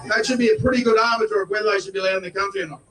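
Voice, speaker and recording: A man's voice: high-pitched, steady tone, racing, some chatter behind. Blunt Australian man giving a rally speech. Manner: blunt, folksy, building to shouted points. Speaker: politician speaking at a rally. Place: outdoor rally. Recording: voice picked up from far off.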